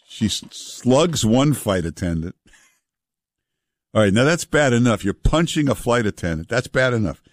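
A talk radio host, talking in a loose, conversational way full of "uh"s. His voice sits on the low side. The studio mic is close and dry. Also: dry recording. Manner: relaxed, chatty, with frequent "uh" fillers. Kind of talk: talk radio banter and ad reads. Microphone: studio broadcast mic.

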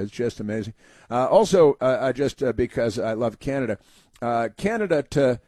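A man's voice: medium pitch, a little mellow, dry recording. A man hosting a political talk monologue, sarcastic and rambling, with many fillers and restarts. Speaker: political commentary host.

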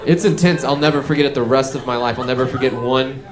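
Self-mocking comedian over a loud audience. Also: male voice, medium pitch, fast, a crowd in the background. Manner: confessional storytelling, self-mocking punchlines. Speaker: stand-up comedian. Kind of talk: stand-up set. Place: comedy club stage with live audience. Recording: live club recording with audience noise.

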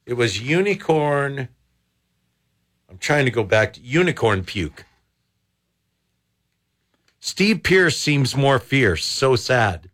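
A man's voice: mid-range voice, very animated, takes it slowly, pauses often, fairly bright tone. A man hosting a talk radio show, making wry, sarcastic asides in casual commentary at a studio microphone.

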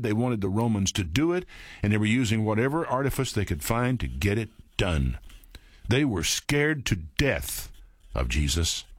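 A man's voice: lowish voice, husky, no echo, clean studio sound. A man teaching a sermon, reading verses aloud and then commenting on them in a plain, conversational way that speaks directly to his listeners. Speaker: Bible teacher.

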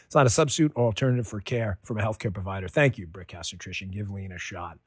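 A man's voice: lowish voice, quick pace, breathy edge, no room sound, studio quality. A middle-aged man giving a folksy, emphatic spoken radio ad about his own experience. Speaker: product endorser.

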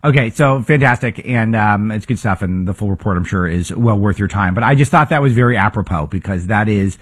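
Husky low-voiced man hosting political talk. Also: fairly quick. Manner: emphatic, rhetorical questions, frequent restarts. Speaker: political talk show host. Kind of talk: opinionated political commentary.

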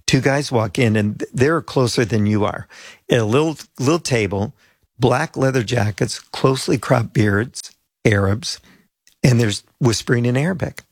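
An older man, a pastor, telling a lively personal story as an interview guest and acting out the voices of people he met. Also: medium pitch, moderate pace, husky, no room sound. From United States. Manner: chatty anecdotal storyteller, acts out quoted voices.

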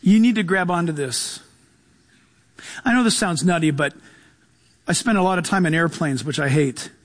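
A man's voice: on the high side, moderate pace. A male pastor giving a sermon, telling stories with humor and laughing often.

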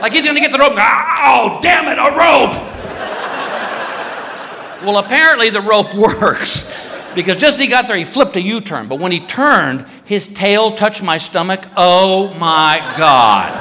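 A man doing stand-up storytelling on stage, loud and animated, acting out voices with yelps and shouts. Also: sits high, moderate pace, a faint crowd, slight background noise. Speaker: stand-up comedian. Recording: live show in a hall with reverb.

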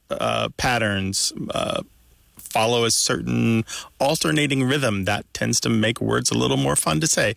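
Male radio host, gravelly voice, explanatory, dry studio sound. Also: medium pitch, fairly bright tone, no room sound. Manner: explains at length with restarts and ums. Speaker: radio co-host, language expert. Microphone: studio mic.

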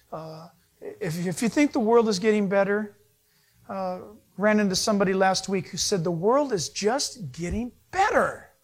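A man, a pastor, preaching a sermon, lively and joking, acting out little scenes with voices. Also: high voice. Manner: animated, acts out voices and jokes with the audience.

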